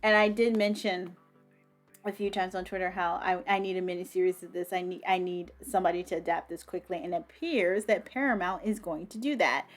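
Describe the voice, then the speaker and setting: A woman chatting about her monthly reads in a slightly low voice. She talks with bursts of enthusiasm, casual swearing and plenty of ums. Soft music sits faintly behind her. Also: steady tone, fairly quick. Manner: enthusiastic, swears freely, many ums and restarts. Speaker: book vlogger. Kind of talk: casual book review.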